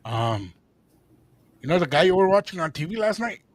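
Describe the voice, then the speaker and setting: A middle-aged man co-hosting a radio show, telling a story in a lively way and acting out the voices of the people in it. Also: sits high, moderate pace, no room sound. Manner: animated, acts out quoted voices, mixes in Spanish phrases. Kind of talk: casual storytelling chat.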